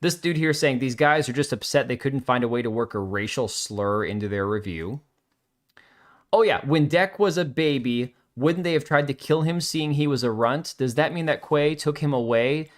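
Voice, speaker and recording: A man with a medium-pitched voice hosts a livestream in a loose, casual way. He reads viewer comments aloud and answers them with blunt, sarcastic asides. His delivery is offhand and unscripted. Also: moderate pace. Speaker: livestream host.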